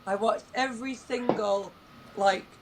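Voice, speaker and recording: A woman's voice: fairly high pitch, a little slow, noisy background. Candid young woman host, casual podcast chat, loose and sweary.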